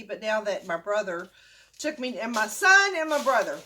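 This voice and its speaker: Animated older woman vlogger. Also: medium pitch, moderate pace, slight background noise. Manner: chatty, animated, acts out the dialogue. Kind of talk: casual storytelling vlog.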